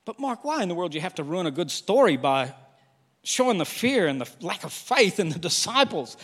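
Male pastor, high voice, lively sermon delivery, long hall reverb. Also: brisk, husky. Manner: animated preaching that slips into quoted voices.

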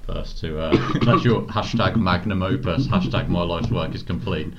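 A man's voice: low-pitched, normal speed. A man, a podcast host telling a story in casual, sweary chat and laughing often. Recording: dull, noisy recording.

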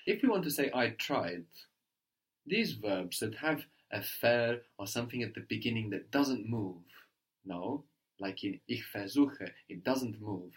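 A man teaching a language lesson, patiently prompting his student and repeating each answer slowly. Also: fairly low pitch, lively intonation.

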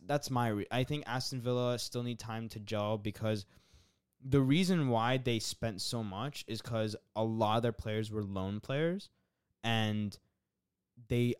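A man's voice: mid-range voice, darkish tone, clear, resonant tone, no room sound, studio quality. A man co-hosting a casual football podcast, rambling with lots of fillers and restarts. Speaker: podcast co-host.

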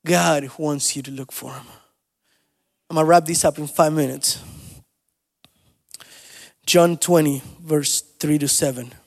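A male pastor preaching a sermon, moving between soft storytelling asides and loud, rising exhortation. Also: fairly high pitch, fairly even intonation, measured pace, gravelly, long pauses, in a large hall. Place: church sanctuary.

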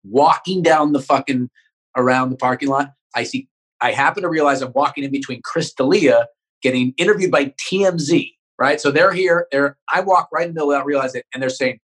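A man's voice: medium pitch, a bit bright, husky. A man, a comedian guest, telling a profane story in a podcast interview, often tagging sentences with "right?". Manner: rapid, profane, keeps checking in with "right?".

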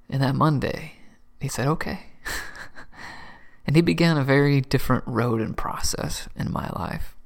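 A middle-aged man sharing his personal faith testimony in an earnest, emotional way, with soft laughs and words that drop to a whisper. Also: mid-range voice, creaky. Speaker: Christian testimony speaker.

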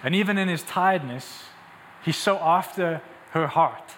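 A man's voice: a little high, measured pace, a bit bright, big-room sound, a little hiss or hum. A young man preaching a sermon as a pastor, conversational and then building to emphatic peaks.

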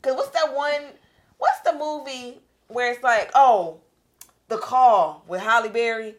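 A woman's voice: a little high, animated, a little slow. A young woman co-hosting a casual podcast, blunt and crude in her rambling talk. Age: young adult. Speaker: podcast co-host. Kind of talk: casual chat.

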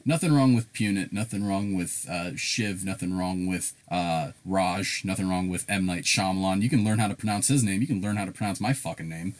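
Animated, swearing man chatting on a podcast. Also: sits low, fairly quick, few pauses. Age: adult. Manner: animated, profane storytelling. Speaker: podcast co-host. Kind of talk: casual podcast chat.

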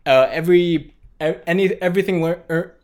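A man's voice: a little high, brisk, darkish tone. A man hosting a casual podcast, talking in a dry, laid-back way and rattling off plugs for the show. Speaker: podcast host. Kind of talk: casual chat.

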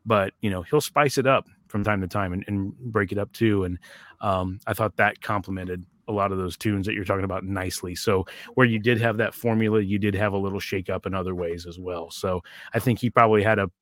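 A man's voice: on the low side, fairly even intonation, brisk, a bit bright, no room sound, studio quality. A man co-hosting an album review, thinking aloud in a loose, rambling way with lots of fillers. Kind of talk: casual chat.

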